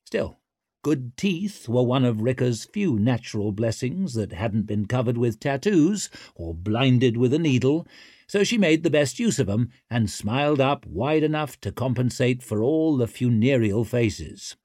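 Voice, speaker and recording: A man narrating an audiobook in a wry, expressive storytelling manner. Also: mid-range voice, unhurried, no echo, clean studio sound.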